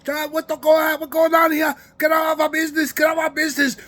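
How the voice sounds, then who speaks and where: Flustered shopkeepers, put on by a male storyteller, high indignant shouts. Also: completely flat delivery, quick pace.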